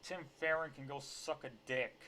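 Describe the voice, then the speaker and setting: A man's voice: fairly high pitch, fairly even intonation, normal speed, bright, forceful tone, slight background noise. A man reading a news article aloud and breaking off into sarcastic, profane, heated rants. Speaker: political commentator. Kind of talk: ranting commentary on a news article.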